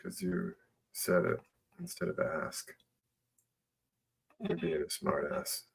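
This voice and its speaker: A man's voice: low-pitched, big pitch swings, slow pace, vocal fry, husky. A man making brief, dry interjections during a casual livestream.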